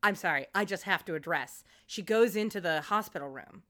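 A woman's voice: lowish voice, expressive, a little fast, a bit bright. Chatty woman podcast co-host. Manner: chatty, acts out quoted lines in mock voices. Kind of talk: casual TV episode recap chat.

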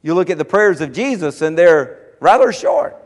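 A man's voice: on the high side, very animated, normal speed. A man preaching a sermon as pastor, emphatic and repetitive, rising into fervent calls to his congregation. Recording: hall reverb.

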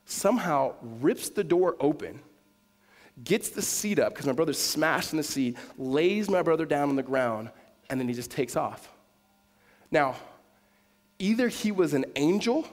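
Pastor preaching in a reverberant hall. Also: male voice. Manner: storytelling, swings from hushed to loud and high. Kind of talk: sermon.

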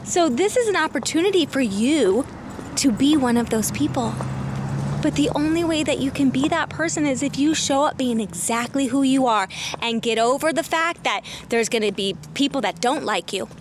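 Walking outdoors through her neighborhood, a business coach talks to her viewers in a motivational vlog, casual and emphatic, cursing freely when she gets excited. Her voice is high-pitched at a normal speed, with a noisy background.

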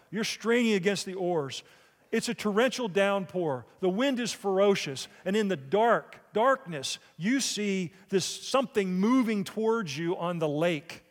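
A man with a high voice delivers a sermon as a pastor, putting questions to his listeners. His voice carries a long reverb, as in a large church hall. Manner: preaching with rhetorical questions to the congregation.

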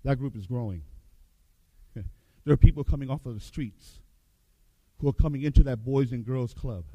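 A man preaching a revival sermon, emphatic, repeating his phrases and swinging between loud and hushed. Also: mid-range voice, no echo. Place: church hall with baptism tank.

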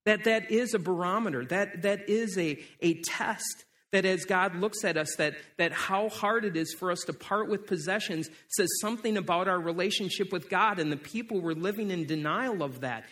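A man's voice: high-pitched, moderate pace, hardly any pauses, fairly bright tone. A man preaching a sermon in a conversational way, often repeating words as he restarts. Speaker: pastor.

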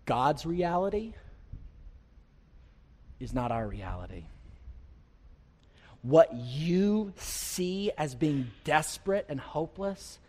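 A man delivers a sermon with a somewhat high-pitched voice, carried by a long, lingering hall reverb. He talks to the congregation conversationally, with asides and small jokes, then builds to loud, rising passages before dropping back down. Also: very animated, slow, long pauses. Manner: preaching with wide swings in loudness, rising to near-shouts; conversational, with asides and light humor. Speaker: pastor.

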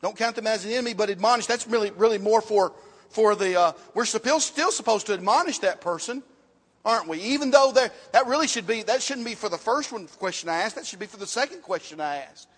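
A man's voice: high-pitched, expressive, fast. A man teaching a church Bible class, quizzing the class and repeating his points as he writes on a board. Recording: long reverb in a hall.

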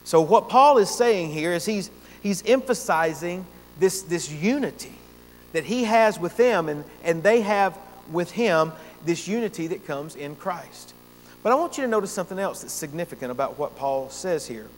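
A man's voice: high-pitched, expressive, normal speed. A man preaching a sermon as pastor, earnest and emphatic, repeating phrases for stress. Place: church sanctuary. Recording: long church reverb, faint hum.

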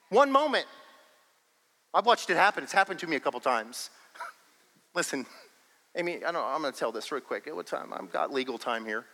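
A man preaching a sermon as pastor, emphatic and animated, often breaking into laughter. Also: fairly high pitch, big-room sound, low-quality recording.

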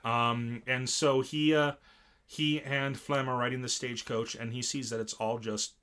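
This is a man with a bright, forceful voice in a relaxed chat, recapping a show he watched. He rambles and restarts, and he gets animated as he acts out bits of the plot. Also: medium pitch, a little slow, smooth. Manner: rambling, animated retelling with many fillers. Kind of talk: casual chat recapping an anime episode.

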